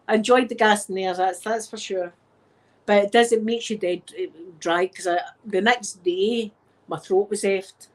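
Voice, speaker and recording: A woman's voice: mid-range voice, normal speed. A middle-aged Scottish woman with a sore throat, chatting casually to her viewers and laughing often as she tells stories. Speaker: YouTube vlogger. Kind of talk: rambling casual chat to viewers.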